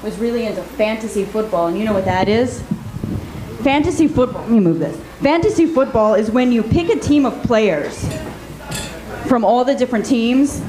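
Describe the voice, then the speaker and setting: A woman in her thirties, a former TV news anchor, doing a stand-up set with wry, self-mocking punchlines on a club stage. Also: a little high. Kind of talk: stand-up comedy routine. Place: comedy club stage with live audience. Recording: echoey hall with loud background noise.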